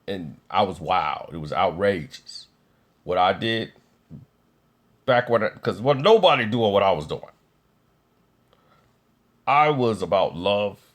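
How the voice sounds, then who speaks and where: A man impersonating a flamboyant, boastful male funk singer in a low, drawling, grandiose voice.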